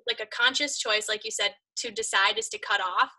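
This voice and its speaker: A woman's voice: mid-range voice, a little fast, bright, forceful tone, poor audio. A woman guest on a live chat, speaking in an earnest, emphatic and encouraging way. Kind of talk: casual interview chat.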